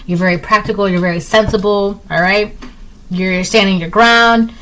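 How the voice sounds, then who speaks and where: A woman's voice: medium pitch, fairly even intonation, moderate pace, a bit bright, poor audio. A woman giving a casual tarot reading to her viewers. She repeats herself often and keeps checking in with "right?". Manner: acts out little voices in her examples. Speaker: tarot reader.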